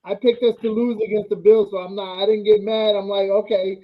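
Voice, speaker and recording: Relaxed co-host: higher-voiced man, resigned, casual cursing, muffled lo-fi audio. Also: brisk. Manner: laid-back, resigned, swears casually. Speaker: co-host of a sports fan talk show. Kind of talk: casual sports talk. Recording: dull lo-fi sound.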